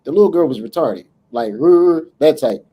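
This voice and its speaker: A man co-hosting a casual podcast, telling a story in an animated, profane way and acting out the dialogue. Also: mid-range voice, a little fast, dull audio, very noisy. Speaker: podcast co-host.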